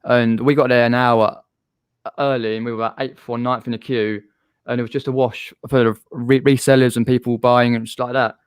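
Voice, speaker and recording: A man's voice: mid-range voice, level tone, fairly quick, smooth, dry recording, clean studio sound. A man with a Southern English accent hosting a live stream, chatting casually with a guest and reading out viewer comments. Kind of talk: casual chat.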